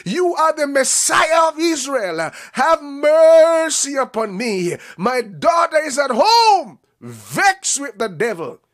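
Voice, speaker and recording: A man's voice: very high voice, very animated, takes it slowly, few pauses, a bit bright, voice pushed up, heavily acted. A man preaching as he voices a desperate mother who begs for her daughter, in a pleading, insistent, repeating way. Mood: begging.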